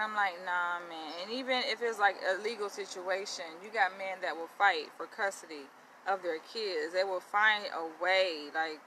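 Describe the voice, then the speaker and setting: A woman's voice: medium pitch, slight background noise, low-quality recording. A young woman ranting bluntly and profanely to her viewers outdoors while eating. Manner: blunt, profane, animated, addresses viewers directly. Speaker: vlogger. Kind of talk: blunt casual rant.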